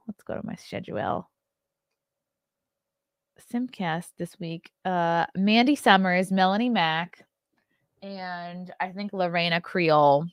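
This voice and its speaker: A woman's voice: lowish voice, gravelly, clear, resonant tone, no echo, clean studio sound. A woman in her thirties hosting a casual solo livestream, chatting, reading articles aloud and reacting to them, yawning often. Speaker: host.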